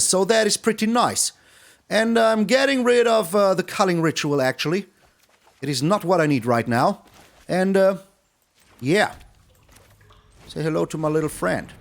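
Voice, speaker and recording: A young man commentating his own gameplay in a playful, taunting way. His voice sits high for a man and leaps around constantly, dropping to low mutters and then jumping back up to excited bursts. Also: normal speed, gravelly. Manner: playful, taunting, sing-song, swings between excited highs and low mutters. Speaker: game streamer.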